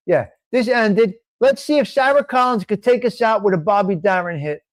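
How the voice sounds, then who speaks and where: A man's voice: high-pitched, lively intonation, fairly quick, few pauses, no room sound. A man from North Jersey with a North Jersey accent, hosting a live stream in a blunt, profane, casual way. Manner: blunt and profane, reading out viewer names. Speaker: host of a live stream show.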